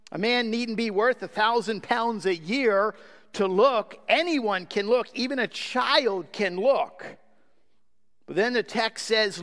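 A man's voice: high-pitched, a bit bright. A man voicing a plain-spoken, homespun lay preacher who urgently pleads with his listeners. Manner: urgent, repetitive exhortation. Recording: long hall reverb.

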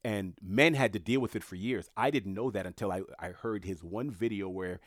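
A man's voice: on the low side, moderate pace, few pauses, no room sound, studio quality. A man giving a blunt, emphatic monologue, often repeating words for stress. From Haitian family. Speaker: commentator. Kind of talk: casual monologue commentary.

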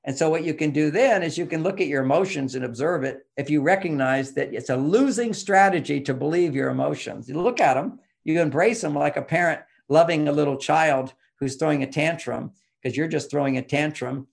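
A man's voice: fairly high pitch, brisk, creaky, hardly any pauses. A man explaining relationship advice in an interview, emphatic and teacherly, pushing his voice up on key points.

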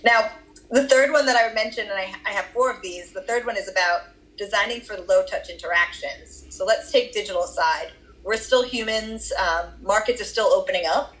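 A woman's voice: medium pitch, fairly bright tone, low-quality recording. A woman with a Boston accent answering interview questions about her research, explaining at length with occasional fillers. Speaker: research guest.

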